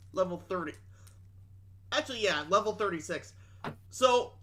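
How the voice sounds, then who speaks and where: A man's voice: high-pitched, bright, forceful tone. A young man streaming games, chatting casually in a blunt, sarcastic way. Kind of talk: casual chat.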